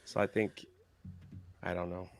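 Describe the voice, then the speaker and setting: A man's voice: deep voice, flat delivery, measured pace, creaky, no room sound. A man on a live-stream panel, chatting in a laid-back way. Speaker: panel guest. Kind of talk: casual live-stream chat.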